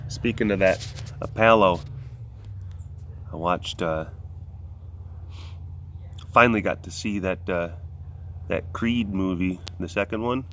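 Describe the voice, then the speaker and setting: A man's voice: sits low, slow pace, long pauses, a bit bright. A man vlogging outdoors at an animal facility, making playful, jokey asides to viewers and to the animals. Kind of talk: casual chat.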